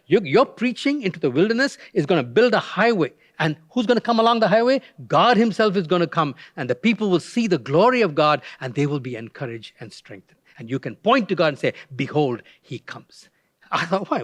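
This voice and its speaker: A man's voice: on the high side, no room sound. An older retired pastor preaching a guest sermon, telling a personal story in a conversational way and acting out the voices he quotes.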